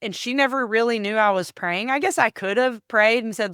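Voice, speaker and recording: A woman's voice: fairly high pitch, fairly quick, a bit bright, smooth, dry recording, studio quality. A woman hosting a podcast, telling a personal story in an earnest way, often repeating words and calling listeners "y'all". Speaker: podcast host.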